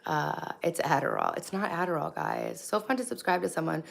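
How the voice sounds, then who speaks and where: Hungover and in her thirties, a woman livestreams from her home kitchen, reading out comments and answering them bluntly. She is chatty and reactive, swinging between loud and soft. Her voice is deep, creaky and animated, a little fast.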